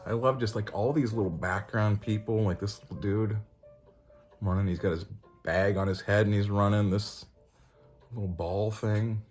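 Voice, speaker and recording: A man's voice: on the low side, fairly even intonation, normal speed, a little mellow, soft background music. A man casually reviewing a comic book, rambling with lots of fillers and frequent chuckles. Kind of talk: casual commentary.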